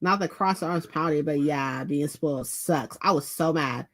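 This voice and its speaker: A woman hosting a book vlog, chatting casually to her viewers at home, animated and profane, repeating phrases for emphasis. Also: low-pitched, normal speed. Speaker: book vlogger host. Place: indoors at home.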